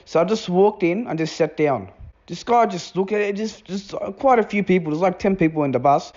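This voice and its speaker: A man's voice: high voice, brisk, darkish tone. A man telling a rambling comic story about himself, swearing casually and repeating words as he goes. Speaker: animated storytime narrator. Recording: dull lo-fi recording.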